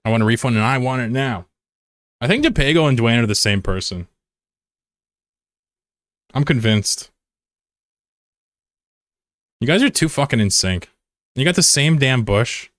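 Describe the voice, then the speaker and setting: A man's voice: medium pitch, expressive, moderate pace, long pauses, fairly bright tone, no room sound, clean studio sound. A man live streaming and chatting casually with his viewers while he plays, laid-back, swearing freely and laughing easily. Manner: chats with viewers while playing a game. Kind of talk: casual livestream chat.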